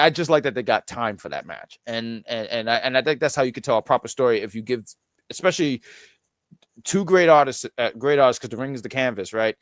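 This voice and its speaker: A man's voice: mid-range voice, fairly bright tone, no room sound, clean studio sound. A man hosting a podcast in casual chat, talking with enthusiasm and many stumbling restarts. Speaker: podcast host.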